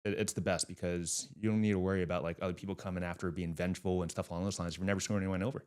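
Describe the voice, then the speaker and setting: A man's voice: low voice, level tone, rapid-fire, a little mellow, clear, resonant tone. A man being interviewed about real estate, talking in an earnest, emphatic, motivational way. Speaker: real estate investor guest. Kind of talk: casual interview talk.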